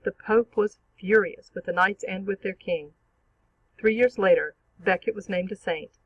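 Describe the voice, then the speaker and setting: Teacher voice, scripted lesson narration, measured and clear, mid pitch, dry dull recording. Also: no echo. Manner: clear, measured explanatory reading.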